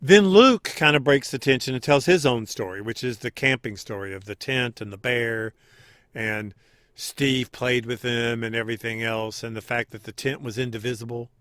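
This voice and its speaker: A man's voice: mid-range voice, fairly bright tone, dry recording, studio quality. Chatty man recapping on a podcast. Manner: chatty, retells scenes with quick quoted lines. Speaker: podcast co-host. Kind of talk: casual recap chat.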